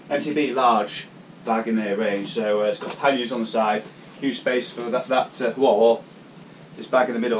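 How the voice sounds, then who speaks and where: A man from the UK talking casually through his shopping haul in a cycling vlog, rambling with many hesitations. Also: medium pitch. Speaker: cycling vlogger. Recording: distant mic, faint background noise.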